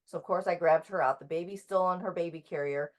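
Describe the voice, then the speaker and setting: A woman in her thirties, a guest author talking casually in an interview, halting with frequent ums and restarts. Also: on the low side.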